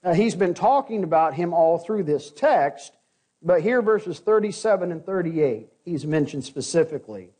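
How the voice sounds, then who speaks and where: A man with a notably high voice delivers a sermon. He works through scripture passage by passage and reads the verses aloud in an earnest, explanatory way. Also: expressive, moderate pace, dark tone. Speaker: preacher.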